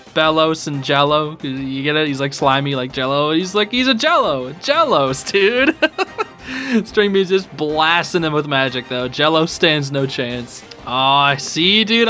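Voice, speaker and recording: A young man excitedly commenting on fan art in casual chat, often saying dude and laughing. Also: a little high. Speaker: host reviewing fan art. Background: soft background music.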